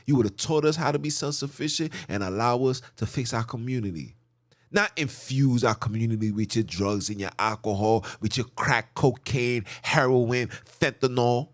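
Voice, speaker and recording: A man's voice: mid-range voice, no echo. A man hosting his own channel, giving impassioned political commentary in a preachy, repetitive, rhetorical way, with mocking asides. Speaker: channel host.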